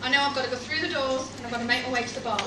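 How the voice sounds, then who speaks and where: A woman with a high voice tells a funny, self-mocking live stand-up testimony. She sounds some way from the mic in an echoey coffee shop, with loud background noise all around her. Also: steady tone, rapid-fire, distant mic. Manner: humorous, self-mocking storytelling. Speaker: stand-up performer. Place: coffee shop performance space.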